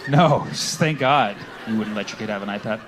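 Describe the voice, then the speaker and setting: A man's voice: on the low side, a little fast, a bit bright. A male stand-up comedian doing a mocking set with crowd work, talking to the audience from a club stage. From Arab heritage. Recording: echoey club, distant mic. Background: audience laughter.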